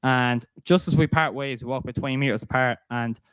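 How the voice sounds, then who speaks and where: A young man with an Irish accent hosts a casual podcast, telling stories with easy laughter. His voice is smooth and resonant, recorded close and dry with no room sound. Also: medium pitch, a little fast, a bit bright, dry recording. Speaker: podcast host. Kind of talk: casual podcast chat, storytelling.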